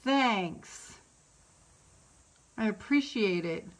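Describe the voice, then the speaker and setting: A woman's voice: mid-range voice, expressive, very slow. A middle-aged woman hosting a casual live stream, candid and rambling, who laughs often and swears freely. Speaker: meditation host on a live stream.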